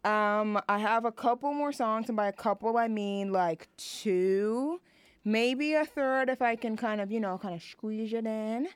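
A woman's voice: a little high, measured pace, smooth, no echo. A young woman hosting a radio show, chatting casually and rambling with fillers and self-mocking asides. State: out of breath from dancing.

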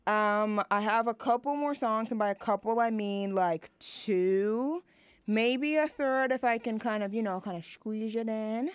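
Smooth-voiced chatty young woman radio host. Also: fairly high pitch, unhurried, no echo. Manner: rambling, chatty, many fillers and restarts. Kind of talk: casual chat between songs.

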